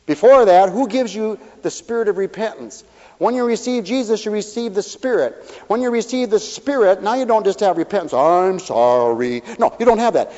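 High voiced pastor man preaching, folksy, hall echo. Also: a little fast. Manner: folksy, animated, acts out voices. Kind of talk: sermon. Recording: dull hall recording with long reverb.

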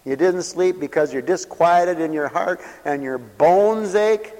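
Impassioned high-voiced preacher in a hall. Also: male voice, a little slow. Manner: impassioned preaching, swelling loud on scripture and dropping to quiet storytelling. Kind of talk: radio sermon. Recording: long hall reverb.

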